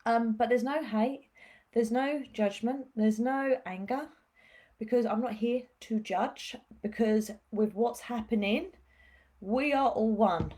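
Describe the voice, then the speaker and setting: A woman with a fairly high voice guides a live-streamed healing session as a spiritual healer. She speaks in gentle, repetitive phrases that invite listeners to breathe and let go. She breaks in with chatty asides and light laughter. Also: slow pace.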